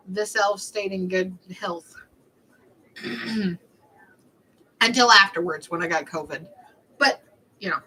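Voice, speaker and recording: A woman's voice: medium pitch, pushed and bright, slight background noise, rough recording. A young woman chatting casually on a livestream, telling rambling stories in a snarky, talkative way.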